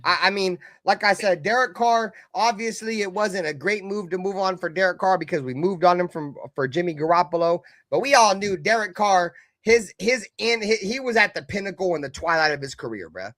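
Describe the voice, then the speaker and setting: A man co-hosting a heated fan sports stream, cursing and swinging between loud outbursts and low mutters. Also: animated, brisk, hardly any pauses, no echo, clean studio sound. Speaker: co-host of a fan sports show.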